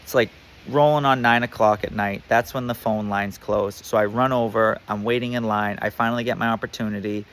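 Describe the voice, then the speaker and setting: A man's voice: lowish voice, fairly even intonation, fairly quick, fairly bright tone, a little hiss or hum. A man telling a personal story in a casual, rambling way, full of fillers and swearing.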